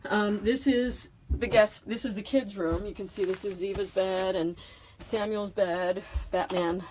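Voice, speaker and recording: A woman's voice: medium pitch, fairly even intonation, a little slow, a little mellow, rough recording. Woman filming a walkthrough on her boat, emotional and rambly, lots of ums, faint hiss. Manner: emotional, rambling, many fillers. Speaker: vlogger showing her home. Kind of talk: casual livestream walkthrough. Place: indoors on a moored boat.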